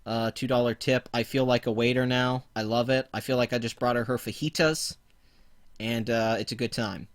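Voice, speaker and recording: Casual male streamer, rambling and profane, mid-pitched everyday voice. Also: fairly even intonation, normal speed. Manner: profane, laid-back and rambling. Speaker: livestream host. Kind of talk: casual livestream commentary.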